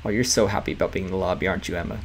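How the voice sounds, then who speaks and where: A man's voice: sits low, steady tone, racing, a little hiss or hum. A man casually commenting while playing a management game, chatty and often laughing, reading game text aloud. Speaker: gaming writer streaming a game. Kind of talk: casual let's-play commentary.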